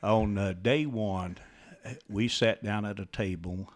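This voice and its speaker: Man, low-pitched voice, halting and devout, casual interview. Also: fairly even intonation. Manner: halting, many "uh" pauses, devout. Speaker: interview guest, grieving father. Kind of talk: casual interview, recounting personal loss.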